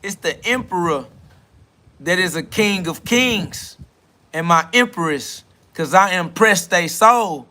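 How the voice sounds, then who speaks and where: A man's voice: high voice, lively intonation, slow, pushed and bright. A man hosting a live spiritual self-talk podcast, preaching in a rambling, slangy way and answering comments from his chat. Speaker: podcast host.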